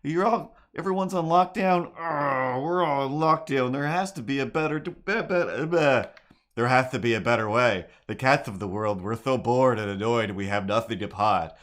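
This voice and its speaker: A man's voice: mid-range voice, normal speed, fairly bright tone, pitched above the performer's own voice, close to an everyday voice. A man putting on theatrical bored cats. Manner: theatrical, grandiose, over-the-top. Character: bored, dramatic lockdown cats, mock-heroic.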